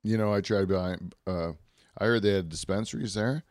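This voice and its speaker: A man with a somewhat low voice tells rambling, profane stories in a loose, casual way. He laughs often as he talks. The recording is close and dry, with no room sound. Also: normal speed, darkish tone, no room sound. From Canada. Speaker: podcast co-host. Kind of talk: casual chat.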